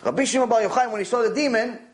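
A man giving a Torah lecture, telling stories in an animated way and repeating lines for emphasis. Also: extremely high pitch, rapid-fire. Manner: animated storytelling, with repetition for emphasis. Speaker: Torah teacher.

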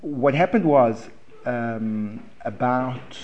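A man's voice: medium pitch, very slow, lo-fi sound, noisy background. South African man lecturing a class. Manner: conversational, repeats words and restarts, asks the room questions. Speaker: Talmud teacher. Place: basement classroom.

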